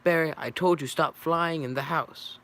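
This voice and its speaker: A man's voice: on the high side, animated, slow pace, gravelly, voice pushed up, heavily acted. A man voicing a fussing middle-aged bee mother in a raised, nagging tone.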